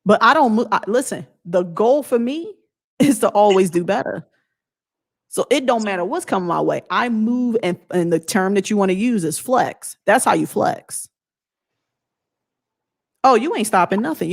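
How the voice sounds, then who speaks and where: A woman's voice: medium pitch, expressive, moderate pace, vocal fry. A woman vlogger giving a blunt, emphatic motivational talk in a casual way.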